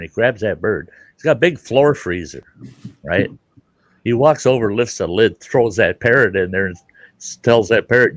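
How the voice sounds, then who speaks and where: A middle-aged man hosting, telling a joke in a folksy, animated, casual way. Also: low voice, moderate pace, dry recording. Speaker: storyteller host.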